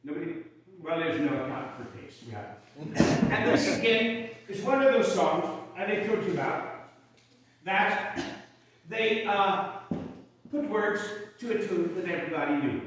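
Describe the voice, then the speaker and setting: A man's voice: high-pitched, expressive, unhurried, a bit bright. A man performing Civil War stories for a live audience, folksy and joking as he chats between songs. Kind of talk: storytelling with sung songs. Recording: echoey hall from far off, with guitar.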